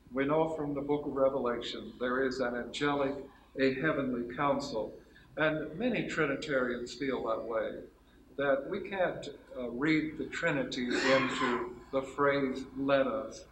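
Addressing a gathered group, a mid-range-voiced man teaches the Bible lecture-style, enumerating his points methodically and correcting himself frequently. The recording is rough and roomy, with a little hiss or hum.

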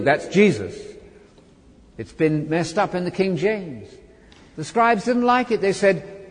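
Male Bible teacher, emphatic sermon delivery with rhetorical questions, fairly high voice, long hall reverb. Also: animated, moderate pace. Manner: emphatic, rhetorical questions, wide swings in loudness.

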